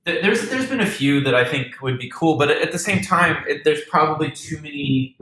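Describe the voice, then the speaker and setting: Guy with a bright edgy voice, kinda high, rambles and swears a lot, trips over his words. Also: lively intonation, normal speed. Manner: rambling, profane, many restarts. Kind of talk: casual chat.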